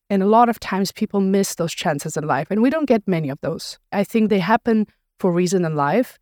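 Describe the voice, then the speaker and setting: A woman, a podcast founder interviewed on her own show, telling her story in a relaxed, reflective way with frequent "like" fillers. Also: mid-range voice, fairly quick, hardly any pauses, no echo, clean studio sound. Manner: reflective storyteller, fills speech with "like". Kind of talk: casual conversational interview.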